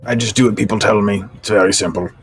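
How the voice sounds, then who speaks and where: A man voicing a laid-back, know-it-all male hacker character in a low, offhand drawl. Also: steady tone, fast, faint music behind, natural voice, poor audio.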